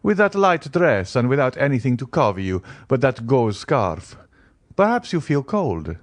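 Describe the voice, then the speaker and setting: A man's voice: mid-range voice, very animated, moderate pace, dry recording, pitched above the performer's own voice, natural voice. A man reading a reserved nobleman who answers with cool, formal politeness. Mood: guarded. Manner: formal, restrained. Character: reserved, guarded nobleman count, coolly polite.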